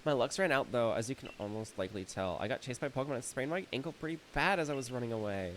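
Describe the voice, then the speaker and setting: A snobby young woman sounds rueful and a little deflated, voiced by a man reading game dialogue. Her lines are fairly low and quiet. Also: animated, fast, slight background noise, close to an everyday voice.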